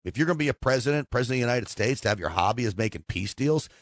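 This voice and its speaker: A man hosting a call-in talk radio show, joking, bragging and riffing with animated asides into a studio mic. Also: mid-range voice, very fast, no room sound. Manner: jokey, boastful, animated asides.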